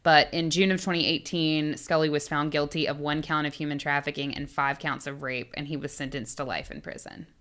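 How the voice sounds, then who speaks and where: Casting: low, blunt woman podcaster, cursing casually in true-crime chat. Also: steady tone, a little fast, hardly any pauses, fairly bright tone. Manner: blunt, swears freely, laughs often. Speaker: podcast co-host.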